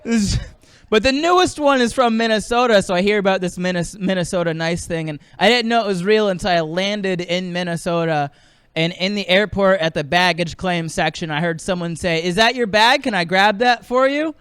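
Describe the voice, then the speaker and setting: Male stand-up comic, high smooth voice, rambling delivery, dry close studio sound. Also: moderate pace, fairly bright tone, no room sound. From American South. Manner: rambling, laughs at own jokes. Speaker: stand-up comedian. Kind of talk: stand-up comedy set. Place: small streaming studio.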